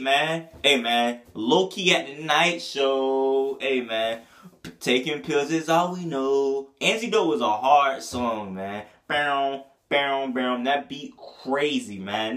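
A man's voice: a little high, fairly bright tone. A man giving a casual, profane album review, full of slang and breaking into bits of the lyrics. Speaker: music reviewer.

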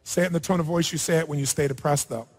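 A man's voice: on the high side, fairly even intonation, rapid-fire. A man leading a live seminar, coaching a participant in front of an audience with a blunt, provocative manner and free swearing. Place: large hall with audience. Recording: long hall reverb.

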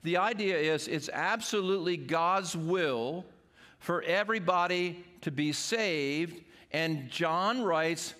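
A man's voice: sits high, slow pace, bright, forceful tone. An older man, a pastor, preaching an earnest sermon to his congregation.

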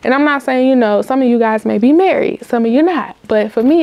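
Young woman vlog host, frank and repetitive, addressing viewers directly; gravelly with a fairly high pitch. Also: brisk, dark tone, dry recording. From Cleveland, US. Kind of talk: casual candid monologue.

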